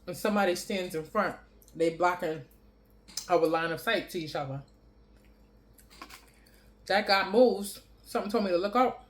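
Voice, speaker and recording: A woman's voice: on the low side, moderate pace, long pauses. Blunt, profane woman telling a story. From New York City. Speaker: vlogger. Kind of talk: casual storytelling to camera.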